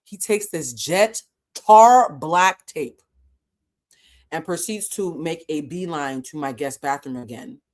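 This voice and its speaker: A woman, an emotional intelligence coach, telling a story in a vlog with animated, exasperated delivery and acted-out quotes. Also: deep voice.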